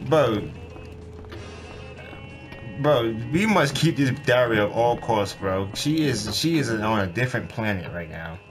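A man casually commenting on his gameplay as a streamer, slangy and quick to react out loud. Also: mid-range voice. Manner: slangy, reacts loudly to the game. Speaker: gaming streamer. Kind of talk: casual let's-play commentary. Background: game music.

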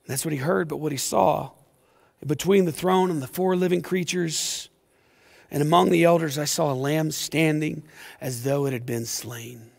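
A male pastor delivers an impassioned sermon, his high voice carrying a gravelly rasp. He swings from loud, fired-up passages to hushed ones. His words ring out with a long reverb in a big church sanctuary. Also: steady tone, normal speed.

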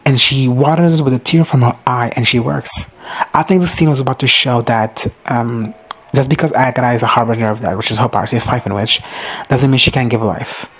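A man with a gravelly, husky voice talks through a show recap in a loose, excitable way, gushing over scenes and swearing freely. His pitch sits in a middle range. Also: brisk, rough recording. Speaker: reaction video host. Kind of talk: casual reaction recap.

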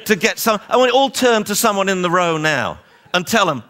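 A man lecturing a seminar on dog training, animated and wryly exasperated, acting out owners and dogs as he goes. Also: high-pitched, moderate pace.

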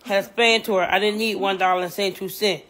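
A woman's voice: medium pitch, steady tone, fast talker, a bit bright. A woman livestreaming in casual talk, repeating herself insistently and swearing a lot. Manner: repetitive, insistent, swears heavily.

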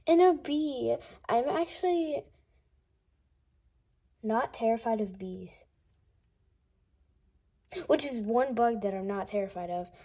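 A young woman chatting casually while unboxing toys, gushing and gasping often, sometimes dropping to a breathy coo. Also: fairly high pitch, slow, pauses often, dark tone.

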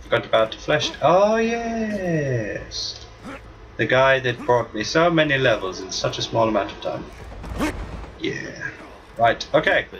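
Excitable joking man playing a game. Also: mid-range voice, a little slow, far from the mic, lo-fi sound. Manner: excitable, joking, swears casually. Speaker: gameplay commentator. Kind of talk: casual let's-play commentary. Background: game music.

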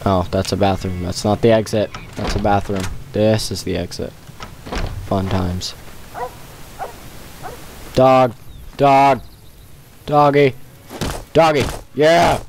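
A man's voice: lowish voice, slow, long pauses, darkish tone, a little hiss or hum. A young man giving casual let's-play commentary at his computer, breaking into panicky yelps and shrieks and laughing often. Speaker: gamer.

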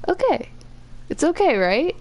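A woman's voice: high voice, big pitch swings, unhurried, a little hiss or hum. A young woman commentating her video game run, exasperated, swearing and talking to her viewers. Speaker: gamer. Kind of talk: let's play commentary. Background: loud video game music.

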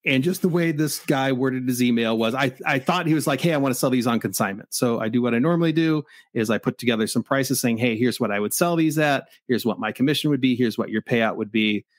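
The recording is free of room sound as a forties-aged Michigan comic shop owner rattles off an animated, casual story at a quick pace with few pauses. His pitch is medium, and he voices both sides of the exchange.

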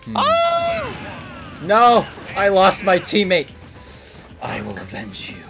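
Young dude gaming w friends, high voice, swears a lot, huge pitch swings, game music loud. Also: male voice, drawn-out words, vocal fry. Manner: excitable, swearing, shouty reactions. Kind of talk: live gameplay banter with friends.

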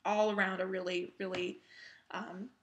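A woman hosting a cross-stitch video, chatting casually while she shows off her crafts, chatty and self-deprecating, with soft laughs. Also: mid-range voice, flat delivery, moderate pace, highs cut off, slight background noise. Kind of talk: casual show-and-tell chat.

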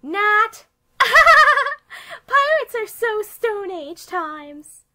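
A woman's voice: extremely high pitch, big pitch swings, extremely slow, pushed and bright, voice pushed up, heavily acted. A woman voicing a snobbish, bratty popular girl who sneers and mocks, for a cartoon voice acting demo. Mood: mocking. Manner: sneering, mocking.

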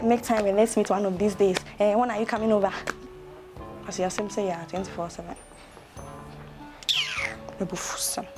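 A young woman with a Ghanaian accent and a natural, medium-pitched voice performs a comic web series monologue. She plays a chatty young woman gossiping in a blend of English and pidgin.

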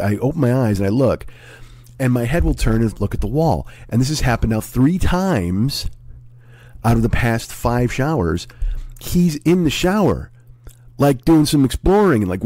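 Fast-talking profane middle-aged male comedian. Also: mid-range voice, dark tone, dry recording, studio quality. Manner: rambling, profane, storytelling with asides. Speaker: comedian podcast host. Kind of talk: casual comedic monologue.

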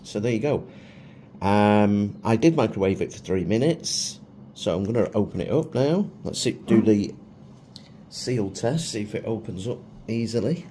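A man's voice: on the low side, animated, moderate pace, warm tone, slight background noise. Chatty middle-aged man. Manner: chatty and self-mocking, with chuckles. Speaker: food vlogger. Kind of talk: casual food review vlog.

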